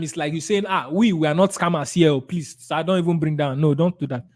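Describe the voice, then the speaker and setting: Man, Nigerian accent, sales trainer, live webinar, energetic, fairly high-pitched. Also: brisk. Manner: energetic, reads chat comments aloud, role-plays client replies.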